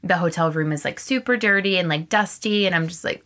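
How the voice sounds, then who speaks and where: A young woman hosts her own podcast and tells a story in a loose, unfiltered way. Her voice sits a little low for a woman, and her tone stays candid and animated, with casual swearing throughout. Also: a little fast, few pauses. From Canada. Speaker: podcast host.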